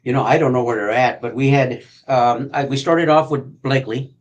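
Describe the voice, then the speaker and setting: An older man and retired detective telling police stories in a profane, animated way, acting out shouting as he goes. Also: medium pitch, moderate pace, poor audio. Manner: profane, animated storyteller who acts out shouting. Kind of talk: storytelling on a podcast.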